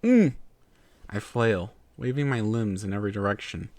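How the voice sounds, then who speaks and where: A man narrating a fan fiction story in a steady, measured way. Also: lowish voice, dry recording. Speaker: story reader.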